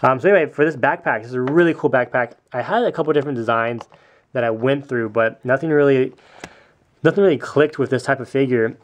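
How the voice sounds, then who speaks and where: A young man walking through his custom toy figure in a casual show-and-tell vlog, chatty, with many ums and small self-corrections. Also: medium pitch.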